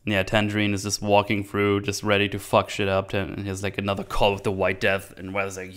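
A man's voice: on the low side, monotone, fairly quick, fairly bright tone, clean tone. A man hosting a casual solo movie recap, rambling and laughing often, with many restarts. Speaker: podcast host reviewing a movie.

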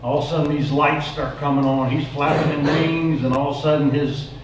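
Folksy preacher in an echoey hall. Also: male voice, on the high side, fairly quick, a little hiss or hum. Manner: folksy, animated storyteller. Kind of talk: sermon storytelling. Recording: echoey room, mic far off.

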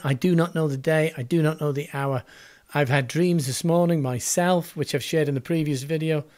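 A man hosting a religious commentary channel, speaking casually and repeating key phrases for emphasis. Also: fairly high pitch. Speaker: host.

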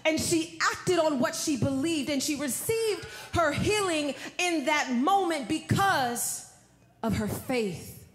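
A woman preaching a sermon, telling a story in a folksy way that swings from hushed tones to shouts. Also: high voice, animated, slow pace, roomy sound.

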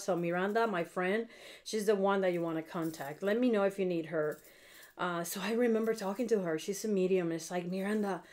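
A woman's voice: medium pitch, a little mellow. Blunt, chatty woman. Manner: chatty, blunt, swears freely, checks in with viewers often. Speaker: witchcraft video host. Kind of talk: casual spell tutorial.

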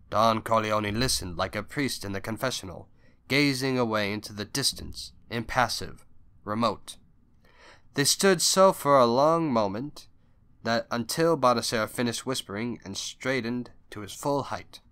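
A man narrates a novel in a steady, even read. His voice is bright and forceful, with a mid-range pitch. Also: clean tone. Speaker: audiobook narrator. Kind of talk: scripted narration.

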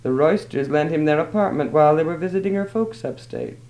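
A man's voice: fairly high pitch, a little fast, darkish tone, lightly acted. A man doing a blunt, weary woman neighbor. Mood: weary, offhand. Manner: blunt, offhand.

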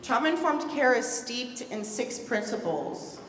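A woman's voice: a little high, very animated, slow, a bit bright. A woman giving an earnest, emphatic conference talk, stressing and repeating key words. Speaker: presenter at a conference. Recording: echoey hall, far from the mic, faint hum.

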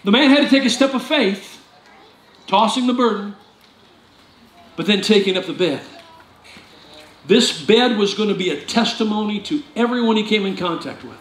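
Animated high-voiced man preaching in church. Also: moderate pace, long pauses. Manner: animated, jokey preaching with sudden loud outbursts. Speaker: pastor. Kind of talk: sermon. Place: church sanctuary. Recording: echoey church room with faint ambience.

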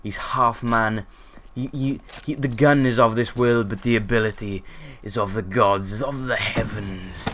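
A man's voice: on the low side, steady tone, measured pace, hardly any pauses, a bit bright. A man with a sore throat and hiccups, giving rambling, sweary casual gameplay commentary full of ums.

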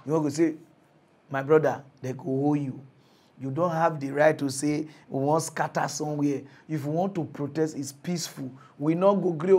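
Mock news host, man, Nigerian Pidgin accent, slightly high voice, chatty, flares into shouting. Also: slightly rough. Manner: chatty, pleading, bursts into animated shouting. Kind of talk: comic mock news commentary.

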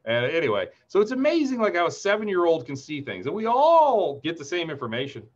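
A man's voice: fairly high pitch, wildly swooping pitch, a little fast, muffled recording. A man in his forties from Ohio, giving a webinar market outlook in a chatty, upbeat way and telling anecdotes between the chart talk. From Ohio, USA. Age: 40s. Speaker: market strategist presenter. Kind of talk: webinar presentation.

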